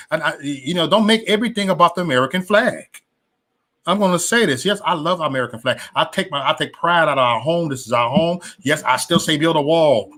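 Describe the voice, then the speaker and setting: A man talking casually about politics and faith, animated and preachy, with many restarts and slangy asides. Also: a little high. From West Side of Chicago. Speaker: political commentator. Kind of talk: casual opinion vlog.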